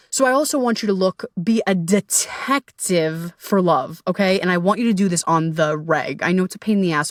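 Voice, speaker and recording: A young woman hosting a solo podcast as a relationship coach, talking candidly and casually, swearing freely, with animated jumps into quoted voices. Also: medium pitch, dry recording, clean studio sound.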